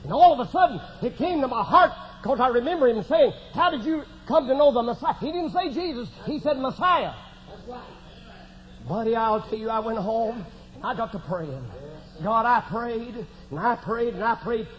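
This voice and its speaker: High-voiced folksy preacher man. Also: lively intonation, moderate pace. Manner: folksy, bursts into shouted exclamations. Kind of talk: sermon testimony. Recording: dull lo-fi recording with faint noise.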